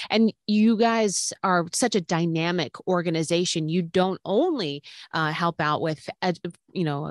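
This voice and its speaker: A woman's voice: fairly low pitch, no room sound, studio quality. A woman co-hosting a radio interview, asking questions with affirming remarks and frequent hesitant fillers. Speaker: radio co-host.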